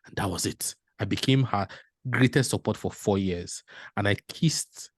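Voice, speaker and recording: A man, giving a motivational storytelling talk as a panel speaker, animated and laughing often as he acts out dialogue. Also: fairly low pitch, normal speed, dry recording, clean studio sound.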